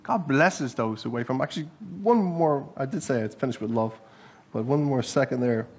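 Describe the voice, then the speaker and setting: A man preaching a sermon as a church pastor, earnest and animated, breaking into bursts of laughter as he talks. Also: medium pitch, normal speed, breathy edge. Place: church hall.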